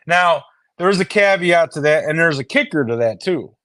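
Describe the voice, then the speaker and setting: A man's voice: fairly high pitch, lively intonation, moderate pace, a bit bright, no room sound, clean studio sound. Foul-mouthed man chatting to viewers. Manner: heavy swearing, restarts and repeated words. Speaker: streamer talking to viewers. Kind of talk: casual rambling chat. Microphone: phone.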